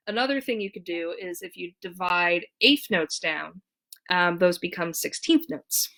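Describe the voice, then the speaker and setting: A woman giving a casual ukulele lesson, talking in a relaxed way with many fillers and counting beats aloud. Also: lowish voice, normal speed, over loud music. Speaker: ukulele teacher. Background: ukulele strumming.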